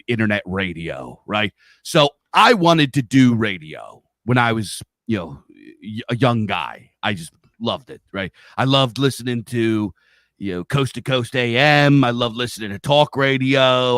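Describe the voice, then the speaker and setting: A middle-aged man with a Pennsylvania accent rambles through his stories and swears freely. His voice sits at an everyday pitch. The mic sound is close and dry, with no room around it. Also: a bit bright, dry recording. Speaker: podcast host. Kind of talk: casual chat. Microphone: studio mic on a live stream.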